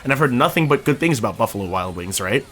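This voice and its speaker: Over faint music, a young Canadian man rattles off a story to his stream chat at a fast clip. Animated and casually profane, he acts out the quotes with big swings in pitch.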